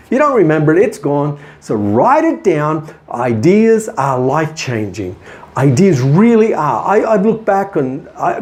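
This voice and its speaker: An earnest man talks straight to camera with encouraging motivational advice for his viewers. His pitch moves a lot as he leans into each point. He restarts words now and then and calls the audience his friends. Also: darkish tone. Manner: repeats himself with small restarts. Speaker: artist giving business advice, host of a daily video show.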